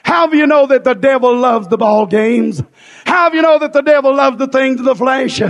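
A man preaching a fiery revival sermon in a strikingly high, gravelly voice, hammering out repeated phrases in shouted bursts. His voice rings through a church hall with a long, reverberant tail. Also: normal speed. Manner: shouting, rhythmic repetition, rising and falling in bursts.

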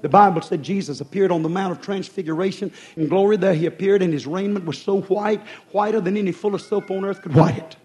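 A man's voice: sits high, fast talker, few pauses, mellow. A man preaching a sermon with fervent, rhythmic delivery, calling out to his congregation.

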